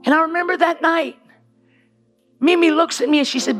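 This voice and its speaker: Forties preacher woman, gravelly edge, fiery storytelling. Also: extremely high pitch, a little fast, pauses often, faint music behind. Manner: emotional storytelling, often shouting for emphasis. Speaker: pastor. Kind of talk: sermon. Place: church stage.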